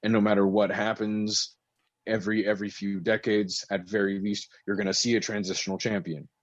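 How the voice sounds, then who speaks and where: A man co-hosting a wrestling podcast in casual chat, swearing often, getting excited and laughing a lot. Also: lowish voice, brisk, no room sound, highs cut off. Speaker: podcast co-host.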